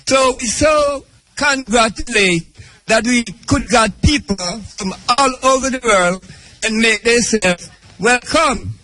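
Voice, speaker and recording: An older Jamaican man with a high, bright voice who speaks slowly, stretching out formal greetings to the crowd. Faint music sits behind him. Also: dry recording, poor audio. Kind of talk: public welcome speech.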